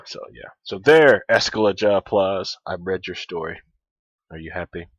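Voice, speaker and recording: Man, podcast host, low laid-back voice, wry, muffled dry lo-fi recording. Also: animated, measured pace, a bit bright, no echo. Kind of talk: casual podcast chat. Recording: dull, dry lo-fi sound.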